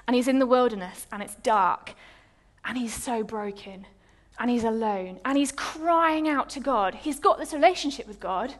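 High-voiced woman preaching a story. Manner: lively storytelling, dramatic pauses. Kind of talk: sermon.

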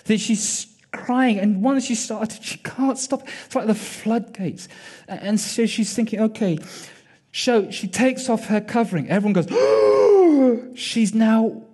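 A male preacher retells a story with vivid, dramatic storytelling, leaning on repetition and pauses. His voice runs high and husky. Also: darkish tone. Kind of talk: sermon storytelling.

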